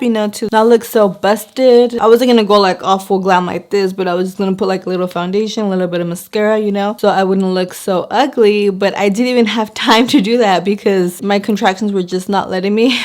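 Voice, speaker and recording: A woman's voice: medium pitch, darkish tone. A young woman telling a personal story in a casual vlog, chatty, with a lot of "like", and acting out what people said. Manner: chatty, lots of "like", acts out quotes. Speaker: beauty vlogger.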